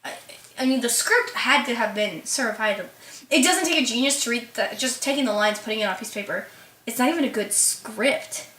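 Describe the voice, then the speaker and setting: A woman's voice: on the high side, a little fast, a bit bright. A woman co-hosting a podcast, chatting bluntly and animatedly. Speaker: podcast co-host. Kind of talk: casual chat. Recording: echoey room.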